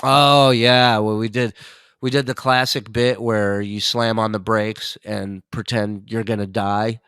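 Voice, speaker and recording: A man's voice: fairly low pitch, measured pace, clean tone, dry recording, clean studio sound. A man telling a long comic story as a podcast guest, swearing freely and laughing as he goes. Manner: animated, profane, laughs while telling stories. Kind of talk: casual storytelling.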